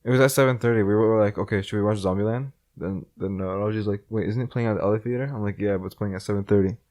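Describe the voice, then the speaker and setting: A man's voice: fairly low pitch, fairly even intonation, racing, darkish tone. A young man co-hosting a podcast, telling a rambling story among friends with lots of fillers. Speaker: podcast co-host. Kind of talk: casual chat among friends.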